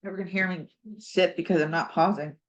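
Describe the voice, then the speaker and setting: A woman with a lowish voice talks through a tarot reading in a loose, rambling, reflective way, drifting into asides and fillers. The recording is dull and lo-fi. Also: fairly even intonation, fast talker. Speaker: tarot reader. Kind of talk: casual spoken tarot reading.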